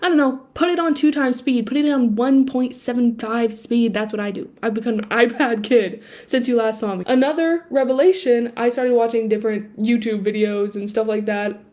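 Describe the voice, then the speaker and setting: Young woman, high voice, animated casual chat, laptop mic at home, sings bits of songs. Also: moderate pace, few pauses. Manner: animated, swings between quiet musing and bursts of excitement; sings snatches of songs between sentences. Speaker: vlogger. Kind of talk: casual sit-down chat to camera. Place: indoors at home, seated. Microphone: built-in laptop mic.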